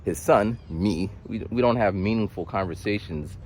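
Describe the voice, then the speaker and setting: A man's voice: lowish voice, normal speed, a little mellow, a little hiss or hum. A young man talking in a rambling, casual monologue, with many restarts and acted-out voices. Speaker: vlogger.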